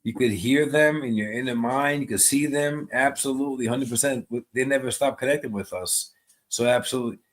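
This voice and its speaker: On a low-quality live stream recording, a medium-pitched man serving as a medium speaks a little fast. He welcomes viewers by name and gently, reassuringly relays messages from spirits.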